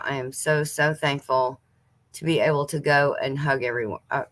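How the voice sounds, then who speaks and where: A woman in her fifties hosts a relaxed live chat, reading comments aloud and replying in a chatty way. Her voice sits low yet sounds bright and forceful. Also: normal speed. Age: 50s. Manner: chatty, reads viewers' comments aloud and answers them. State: coughing now and then. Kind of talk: casual chat.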